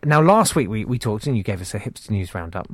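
Jokey male host, lively pitch, dry close mic. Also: dry recording. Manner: teasing, halting, stammers and laughs. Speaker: radio host. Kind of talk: casual radio chat.

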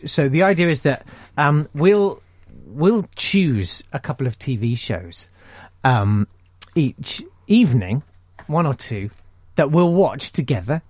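A man's voice: medium pitch, a little mellow, no room sound. A man hosting a radio show, chatting casually in a rambling, jokey, self-mocking way. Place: radio studio. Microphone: studio microphone.

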